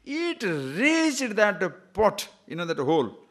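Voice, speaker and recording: A man's voice: sits high, slow pace. A man giving a spiritual discourse, telling jokes and short stories, repeating phrases and asking listeners questions. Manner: lively, repetitive, jokes and chuckles, asks listeners questions. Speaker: spiritual teacher.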